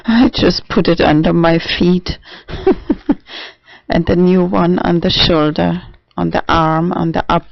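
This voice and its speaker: Trans guy rambling slow in a video diary, gravelly voice, dull dry lo-fi audio. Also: high-pitched, dry recording. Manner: halting, full of restarts and fillers. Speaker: vlogger.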